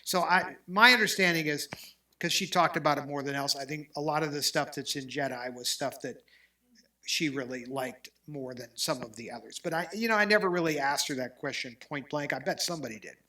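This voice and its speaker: A man hosting a casual talk show, talking in an animated, opinionated way with frequent restarts. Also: on the high side, a little fast. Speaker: host. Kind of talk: casual chat.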